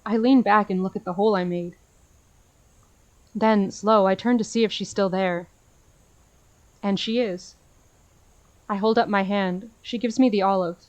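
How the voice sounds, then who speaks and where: A woman streamer reading a visual novel aloud in an earnest, emotional way, breaking off to gush at the screen. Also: mid-range voice.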